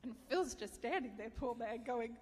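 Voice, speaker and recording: Delivering a sermon, this middle-aged preacher recounts a personal story with self-deprecating honesty and frequent laughter. She speaks at a normal speed in a slightly high, animated voice that is a bit mellow with a breathy edge. Her words echo through a reverberant hall with faint background ambience.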